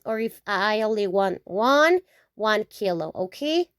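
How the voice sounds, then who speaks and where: A woman teaching the Spanish alphabet, saying each word slowly several times and checking in with "okay?". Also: medium pitch, animated, fairly bright tone, clear, resonant tone, dry recording, studio quality. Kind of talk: slow alphabet lesson with repetition.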